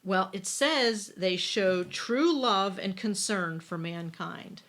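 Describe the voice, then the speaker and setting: Woman podcast co-host, bright and sharp tone, reads aloud and reacts casually. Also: mid-range voice, slow. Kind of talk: casual chat, reading passages aloud.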